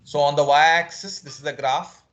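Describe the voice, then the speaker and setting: A man's voice: a little high, steady tone, moderate pace, fairly bright tone, dull audio. A male physics lecturer, teaching an online class and explaining each step over again with frequent "okay"s.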